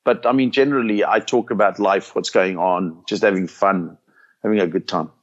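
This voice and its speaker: An older South African man tells stories from his comedy career in an easygoing interview. He acts out the voices in his anecdotes with animated bursts. The sound is a little dull and lo-fi. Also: lowish voice, normal speed. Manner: animated anecdotes, acting out quotes. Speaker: comedian guest. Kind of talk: storytelling interview chat.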